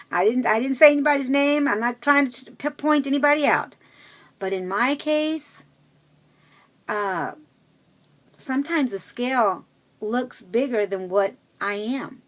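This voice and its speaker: A woman's voice: a little high, lively intonation, slow pace, pauses often. A middle-aged woman talking to her viewers in a casual personal vlog, chatty and rambling, with many fillers and restarts. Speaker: vlogger.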